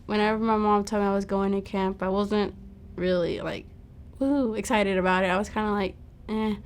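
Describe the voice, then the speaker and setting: Young adult woman, even-toned, chatty personal testimony. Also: mid-range voice, brisk. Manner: casual storytelling, quotes herself, fillers like "like". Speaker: testimony speaker.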